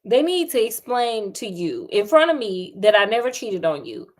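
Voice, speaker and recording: A woman's voice: mid-range voice, sing-song, normal speed, natural voice. A woman voicing a grieving teenage boy who pleads earnestly with his girlfriend, in a storytelling reading. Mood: pleading.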